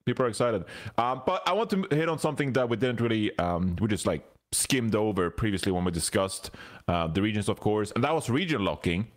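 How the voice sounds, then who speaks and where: A man hosts a relaxed esports panel chat in a fairly low voice. He talks with plenty of ums and restarts. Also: a little fast. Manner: hesitant, many ums and restarts. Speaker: podcast host.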